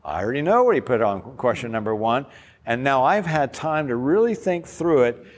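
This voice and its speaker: A man's voice: medium pitch, very animated, normal speed. A man, a pastor, giving an enthusiastic, informal workshop talk while demonstrating an app step by step. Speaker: pastor presenting a discipleship app. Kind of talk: workshop presentation. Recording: long hall reverb.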